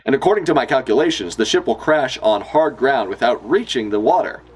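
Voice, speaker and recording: A man's voice: medium pitch, lively intonation, brisk, breathy edge, pitched above the performer's own voice. A man voicing a lecturing young genius girl. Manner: precise, lecturing, matter-of-fact. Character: earnest young genius girl explaining physics. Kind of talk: reading manga dialogue aloud.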